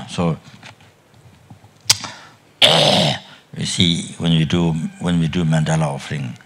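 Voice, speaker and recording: An older man giving a Buddhist dharma talk at a retreat, speaking haltingly with many restarts and trailing phrases, often coughing and clearing his throat. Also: extremely low pitch, very animated, pushed and bright. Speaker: Buddhist teacher.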